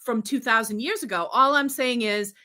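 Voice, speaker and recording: Bright-voiced woman explaining ritual practice. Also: fairly high pitch, moderate pace. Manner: thoughtful, with many fillers and restarts, reads quotations aloud. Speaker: co-host. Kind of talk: casual podcast chat on spiritual practice.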